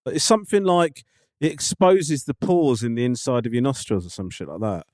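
A man's voice: medium pitch, a little fast, darkish tone, no echo, clean studio sound. A man co-hosting a podcast, chatting casually, indignant and swearing freely. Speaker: podcast co-host. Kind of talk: casual chat.

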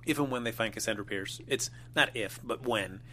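A man's voice: on the low side, a little fast, bright, forceful tone. A man co-hosting a casual chat about a soap opera, thoughtful and a bit hesitant. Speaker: soap opera podcast co-host.

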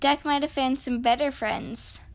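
A woman's voice: high-pitched, fairly even intonation, unhurried. A woman voicing a bossy, snappish cat in a children's storybook, speaking sharply. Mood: worried.

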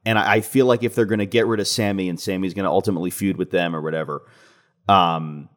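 A man's voice: sits low, steady tone, fast, fairly bright tone. A man co-hosting a podcast, chatting casually in a playful, jokey way. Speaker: podcast co-host. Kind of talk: casual chat.

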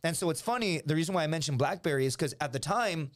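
A man in his thirties, a comedian telling a story on a podcast, animated and laughing mid-sentence. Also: fairly high pitch, fast talker. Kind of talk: casual comic storytelling.

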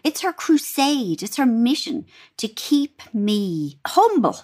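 A woman with an Irish accent chatting as a guest author, telling lively stories and laughing as she talks. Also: a little high, slow. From Ireland. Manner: animated storyteller, laughs while talking. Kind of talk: casual chat.

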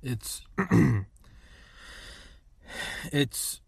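A man in his thirties hosting a podcast, rambling and animated as he acts out quotes in casual chat. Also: medium pitch, very slow, vocal fry, slight background noise. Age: 30s. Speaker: podcast host.

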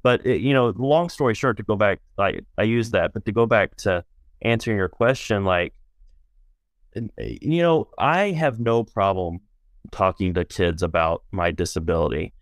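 Smooth low-voiced man telling a story. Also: normal speed, no echo, studio quality. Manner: rambling, many restarts and fillers, animated when telling stories. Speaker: guest, minister. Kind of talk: storytelling in conversation.

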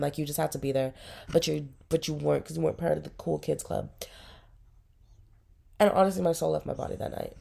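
A young woman hosts her podcast while sick with a cough, chatting in a rambling, giggly way full of "like". Her voice sits low and gravelly, with a dark, mellow tone. She talks loosely and casually. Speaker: podcast host. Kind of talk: casual video podcast chat.

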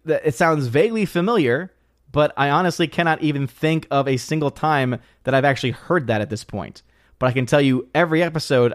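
A man's voice: medium pitch, no room sound, studio quality. A man hosting a casual live stream, chatting as he reads viewer comments aloud, with frequent restarts. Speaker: live-stream host reading chat.

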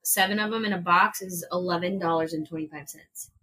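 A woman podcast co-host talks briskly in a lowish, steady voice that's pushed, bright and slightly rough. Using a podcast mic in a shared room, she casually taste-tests food, swears and reads out the prices.

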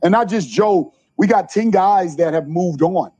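A middle-aged man, a junior college basketball coach, telling animated stories in an interview and acting out the quotes. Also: high voice, a little slow, breathy edge. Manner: animated storyteller, acts out quotes. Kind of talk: interview storytelling.

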